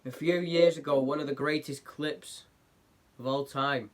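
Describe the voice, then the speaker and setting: A man's voice: a little high, steady tone, measured pace. A young man hosting a casual online news roundup, blunt and sarcastic in his remarks. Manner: blunt, sarcastic, mocking impressions. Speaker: news show host.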